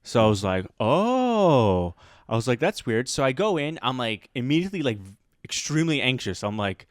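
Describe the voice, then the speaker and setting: A man talking on a podcast, telling a rambling story loaded with "like" and quick laughs. His voice sits at an ordinary pitch. It's recorded close and dry, with no room sound. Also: expressive, dry recording. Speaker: podcast co-host, comedian. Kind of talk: casual chat.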